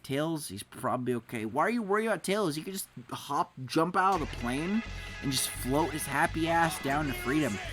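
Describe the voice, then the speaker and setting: A man's voice: on the high side, expressive, normal speed. A man in his twenties doing rambling, profane let's play commentary over a game. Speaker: gameplay commentator. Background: game music.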